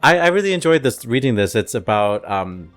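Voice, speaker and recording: A man's voice: mid-range voice, big pitch swings, fairly quick, fairly bright tone, soft background music. A man co-hosting a casual opera podcast, talking hesitantly with many fillers. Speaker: podcast co-host.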